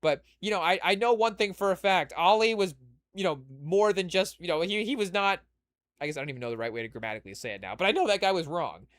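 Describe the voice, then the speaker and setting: A man hosting a casual podcast, rambling through his thoughts and padding them with "you know" fillers. His voice sits a little high for a man. The recording is close and dry. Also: lively intonation, quick pace, a bit bright, no room sound. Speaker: podcast host. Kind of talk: casual chat.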